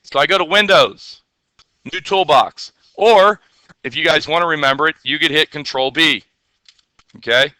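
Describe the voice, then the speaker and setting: A man teaching a classroom software lesson, chatty and playful, often checking the class with questions. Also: on the high side, normal speed, clear, resonant tone, no echo.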